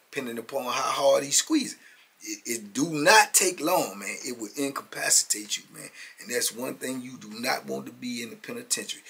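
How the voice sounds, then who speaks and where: A man's voice: mid-range voice, creaky, bright, forceful tone, slightly rough. A man in his fifties telling prison stories in a casual, emphatic street-talk monologue, often chuckling and tagging lines with "man".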